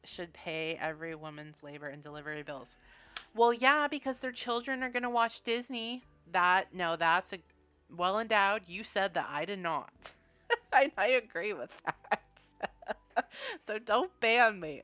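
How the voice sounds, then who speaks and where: A woman's voice: medium pitch, pushed and bright. A woman chatting casually and rambling, laughing often as she builds in a video game. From Canada. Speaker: gaming streamer.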